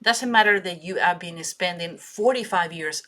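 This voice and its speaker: A woman guest explaining her expertise in an emphatic, animated way, with grammar. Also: on the low side, normal speed. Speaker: guest, body language expert. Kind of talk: interview answers.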